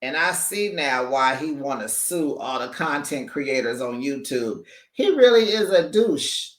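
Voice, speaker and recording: A recap YouTuber chatting casually about a reality show, laughing often and talking with lively slang into a microphone held back from the mouth. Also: mid-range voice, unhurried, reverberant. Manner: laughs often, gossipy and animated, uses slang. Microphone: USB microphone held back from the mouth.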